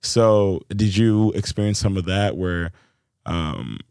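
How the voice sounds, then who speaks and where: Young man from Kenya hosting a podcast, low voice, dry close sound, thoughtful and halting, quick to laugh. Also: animated, gravelly, a little mellow, clear, resonant tone, dry recording. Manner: reflective, hesitant, many fillers and restarts, laughing easily. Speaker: podcast host. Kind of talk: casual podcast conversation.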